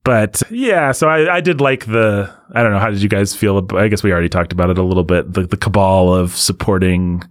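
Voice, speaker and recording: A man co-hosting a casual movie-review talk, rambling and animated, often laughing. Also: fairly low pitch, fairly quick, hardly any pauses. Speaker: podcast co-host reviewing a movie. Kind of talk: casual chat.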